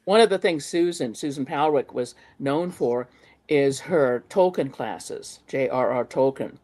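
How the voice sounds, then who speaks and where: A woman's voice: rumbling low, animated, measured pace, mellow. A woman co-hosting a casual interview, enthusiastic and full of asides. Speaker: co-host.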